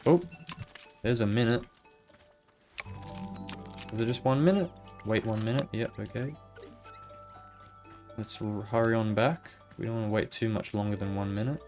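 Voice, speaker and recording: A gaming video host mutters a relaxed, running commentary while playing a video game. His fairly low, slightly mellow voice moves at a moderate pace with long pauses, and soft music plays in the background.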